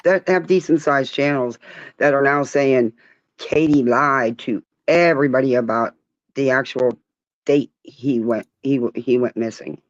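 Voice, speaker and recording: Frank, chatty caller, mid-pitched, on a dull dry line. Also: unhurried, dry recording. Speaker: caller on a livestream. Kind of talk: casual call-in chat.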